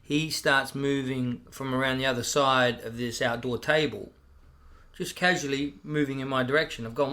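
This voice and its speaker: An Australian man and comedian, telling profane, animated stories in a casual chat and getting loud when he acts out what people said. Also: medium pitch, normal speed. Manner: loud bursts when acting out quotes. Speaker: guest comedian.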